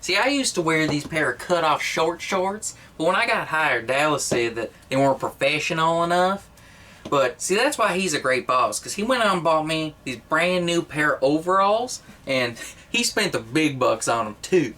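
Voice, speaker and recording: A man's voice: on the high side, expressive, normal speed, pushed and bright. A man playing a naive, cheerful secretary. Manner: earnest, naive, rambling. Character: dim-witted, cheerful young male secretary. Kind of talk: mockumentary comedy.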